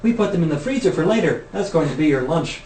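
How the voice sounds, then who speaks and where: A man's voice: fairly high pitch, lively intonation, fast talker, a little mellow, natural voice. A man improvising a smug, sardonic male pet store manager in a comedy sketch. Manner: smug, mocking. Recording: echoey room, distant noisy mic.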